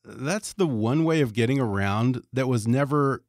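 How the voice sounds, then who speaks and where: A man's voice: mid-range voice, normal speed, darkish tone, no room sound, studio quality. A man from Texas hosting a podcast interview, easygoing, with many short agreeing replies. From Texas, USA. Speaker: podcast host. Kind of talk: casual interview chat.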